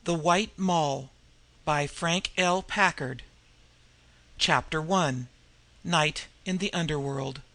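A man reading a novel aloud in measured, even storytelling narration. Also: fairly high pitch, gravelly. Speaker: audiobook reader. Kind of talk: scripted narration.

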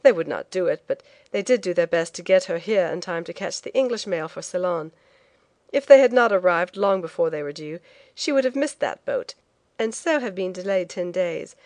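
A woman reading the lines of a brisk male shipping agent who speaks with blunt certainty. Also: on the low side, a little mellow, dry recording. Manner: brisk, insistent.

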